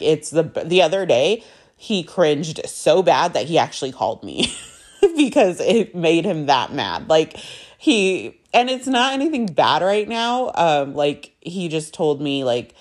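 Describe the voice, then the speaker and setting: A woman's voice: sits low, darkish tone. A young woman vlogger telling a personal story in a casual, chatty way, full of fillers and swearing, acting out both sides of her conversations.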